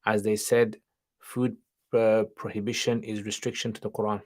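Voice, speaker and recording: Low-voiced man hosting a casual livestream Q&A. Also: level tone, normal speed. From studied nine years in Pakistan, now in England. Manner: reads viewer questions aloud and answers them offhandedly; sprinkles Arabic greetings and religious terms. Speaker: livestream host answering questions.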